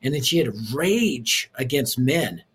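Husky-voiced man, guest storyteller, mid-pitched, animated delivery. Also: a little slow. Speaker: ministry leader and author. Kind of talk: storytelling interview.

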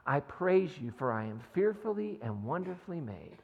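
A man's voice: fairly high pitch, big pitch swings, normal speed, vocal fry, breathy edge, in a large hall, phone-quality sound. A man preaching a sermon in a conversational way, often checking in with his listeners and reading scripture aloud. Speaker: pastor. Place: church sanctuary.

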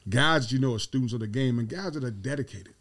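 Middle-aged coach guy telling stories, emphatic, keeps repeating his points, mid-pitched voice. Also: fast, fairly bright tone. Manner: emphatic, repeats key phrases. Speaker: football head coach, guest. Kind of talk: storytelling interview.

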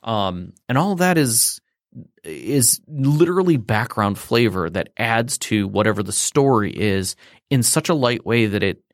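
A man's voice: medium pitch, animated, unhurried, dry recording, studio quality. A man explaining a tabletop game system in casual chat, rambling with fillers and restarts.

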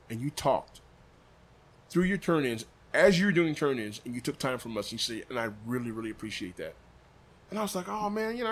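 Animated storytelling man from Des Moines. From Des Moines, Iowa. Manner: animated, acts out quotes with big pitch jumps. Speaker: barbecue sauce maker, podcast guest. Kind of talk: casual storytelling.

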